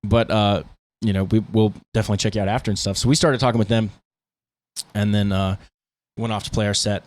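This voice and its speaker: A man who plays guitar in a band co-hosts a podcast, telling stories in fast, casual, rambling chat packed with fillers. His voice is on the low side with fairly even intonation.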